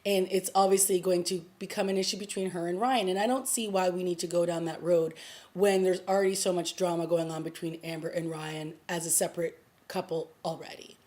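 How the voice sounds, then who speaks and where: A woman's voice: fairly low pitch, little pitch movement, fairly quick, a little mellow. A woman vlogger giving a casual, chatty recap of a TV episode, full of fillers as she retells the plot. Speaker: TV review vlogger.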